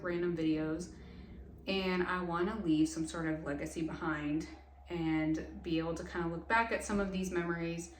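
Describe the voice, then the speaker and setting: A woman's voice: lowish voice, distant mic, slight background noise. A woman hosting her own podcast, talking casually and earnestly with many fillers. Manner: earnest, chatty, lots of "like" fillers. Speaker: podcast host. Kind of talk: casual personal monologue. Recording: echoey room, voice away from mic.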